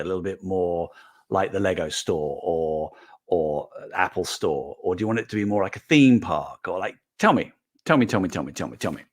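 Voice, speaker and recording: A middle-aged man hosts a casual livestream, chatting and reading out comments as an animated, rambling storyteller. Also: deep voice. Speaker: host.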